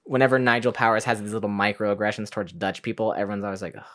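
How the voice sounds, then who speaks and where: A man co-hosting a casual podcast about movies, talking in lively bursts and swearing freely. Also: lowish voice, very fast, very noisy. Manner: animated, swears freely, acts out quotes in bursts. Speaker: podcast co-host.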